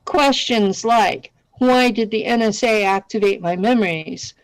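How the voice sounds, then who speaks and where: A woman hosting an online radio talk show, speaking earnestly and halting with restarts. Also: medium pitch, no echo, rough recording.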